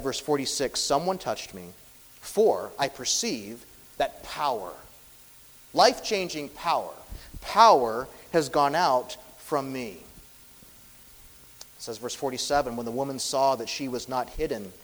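A man preaching a sermon as pastor, swinging between loud, emphatic lines and hushed, quiet ones. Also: fairly high pitch, in a large hall, poor audio.

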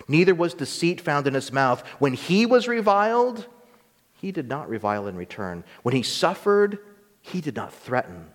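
A man preaching a sermon as pastor, reading scripture slowly and telling quick stories with rising emphasis. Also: on the high side, big pitch swings. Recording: long reverb of a church hall.

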